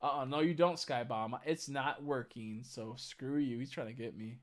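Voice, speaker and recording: A man's voice: medium pitch, moderate pace. A tired man chatting casually on a live stream, rambling and swearing as he greets viewers. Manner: rambling, swearing, stumbles over chat names.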